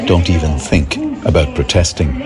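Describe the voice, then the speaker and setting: A man's voice: very deep voice, fairly even intonation, normal speed, over a noisy crowd. A man, a correspondent, narrating a news feature in a dramatic, emphatic way. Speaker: foreign correspondent.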